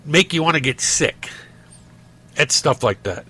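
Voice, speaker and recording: A man's voice: on the high side, expressive, measured pace, sharp tone, slightly rough. A middle-aged man hosting a podcast, telling rambling stories and ranting with lots of restarts and fillers. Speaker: podcast host. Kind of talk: casual monologue.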